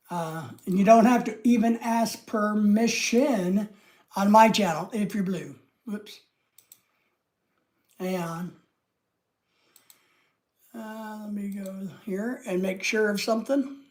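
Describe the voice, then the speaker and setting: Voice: medium pitch, slow, long pauses. Chatty live-stream host, rambling and off the cuff. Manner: rambling, chatty, trailing off quietly. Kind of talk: casual live-stream chat.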